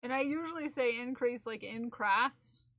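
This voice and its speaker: A woman's voice: a little high, moderate pace, a bit bright, no echo, studio quality. A woman streamer chatting casually with her viewers while she knits, tired and self-deprecating. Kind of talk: casual live-stream chat while knitting.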